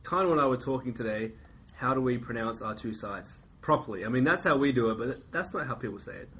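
Brief: Australian man, quick talker, mid pitch, guest on a gaming podcast. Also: lively intonation, bright, forceful tone, slight background noise. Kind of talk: casual gaming podcast chat.

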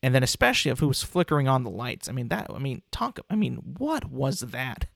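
A young man in his twenties talks casually and loosely, circling back and restarting his sentences. His mid-range voice has a gravelly fry to it. The recording is dry and close, with no room sound. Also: medium pitch, very animated, brisk, a bit bright, no room sound. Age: 20s. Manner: rambling, frequent restarts and filler words. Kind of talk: casual commentary on a cartoon ranking.

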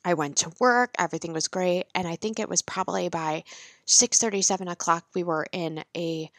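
Gravelly, frank mom talking. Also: female voice, lowish voice, no echo. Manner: frank, profane, animated storytelling. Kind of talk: candid personal monologue.

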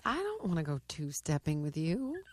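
A woman's voice: low voice, huge pitch swings, moderate pace, no room sound. A woman co-hosting a talk show in a casual chat, teasing and sarcastic, with dry humor, who also talks about fitness. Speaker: podcast co-host, fitness trainer.

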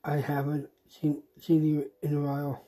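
A podcast host speaking a heartfelt message to a friend in a soft, sad voice, halting and often restarting phrases. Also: medium pitch, monotone, poor audio. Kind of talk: personal spoken message to a friend.

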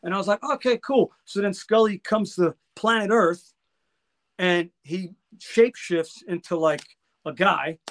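Guy with a high voice chatting, excited storyteller, does all the voices himself. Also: unhurried. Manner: excitable storyteller, acts out quoted dialogue. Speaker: guest musician. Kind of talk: casual chat.

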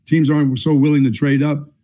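A man hosting a sports talk show in a measured, folksy way, often saying "I mean". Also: fairly high pitch, little pitch movement, dark tone.

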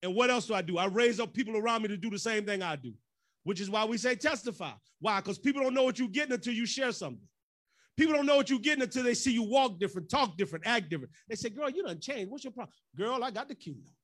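Man, pastor, high voice, casual joking sermon. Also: lively intonation, quick pace, fairly bright tone. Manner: loose and joking, slips into church voices. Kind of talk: conversational sermon.

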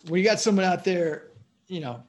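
A male stand-up comedian chatting as a guest, his voice sitting a bit high for a man. He rambles through his stories, circling back and filling gaps with "you know what I mean.". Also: fairly quick, a little mellow. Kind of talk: casual interview storytelling.

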